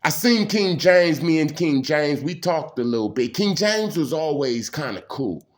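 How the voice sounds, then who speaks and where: A man's voice: fairly high pitch, expressive, measured pace. Intense streetwise man telling his story. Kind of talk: casual personal storytelling.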